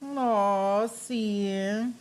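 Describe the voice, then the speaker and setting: A woman's voice: mid-range voice, fairly even intonation, extremely slow. Chatty woman streamer laughing with viewers. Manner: chatty, often breaks into laughter, answers viewer comments by name. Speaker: livestream host. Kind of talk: casual chat with live viewers.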